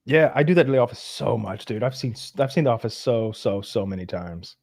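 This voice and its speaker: A man's voice: mid-range voice, animated, brisk, creaky, a little mellow. A man chatting casually as a podcast host. He retells scenes loosely, swears and laughs along.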